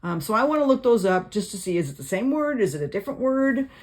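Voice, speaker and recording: Reading verses aloud and working through word meanings, a woman leads a relaxed Bible study in a fairly high, sing-song voice. She takes her time, often using fillers and starting her sentences over.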